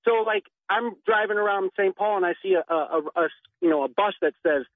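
High-voiced man calling in over a tinny phone line. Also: no room sound. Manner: rambling, earnest, drawn-out pauses. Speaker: caller. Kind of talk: call-in talk radio.

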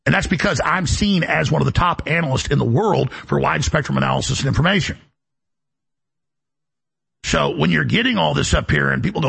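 A man hosting a talk show, delivering a rambling, emphatic monologue in a gravelly, raspy voice. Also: on the high side, lively intonation, fairly quick, fairly bright tone. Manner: emphatic, boastful, jumps between topics.

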